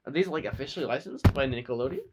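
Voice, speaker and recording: Casting: young adult co-host, animated and jokey, swinging pitch, casual banter. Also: racing, very noisy. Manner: playful, joking, bursts into high squeals. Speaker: podcast co-host. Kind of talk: casual chat.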